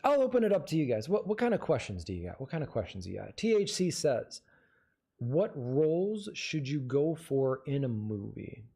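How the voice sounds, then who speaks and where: A man's voice: medium pitch, sing-song, moderate pace, vocal fry, warm tone, husky. A man hosting a livestream, casually giving advice and answering viewer questions in a conversational way. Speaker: livestream host.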